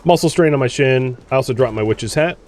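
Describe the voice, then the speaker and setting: A man's voice: mid-range voice, fairly quick, darkish tone. A man hosting a let's play, chatting casually through gameplay, exclaiming and grumbling at the game.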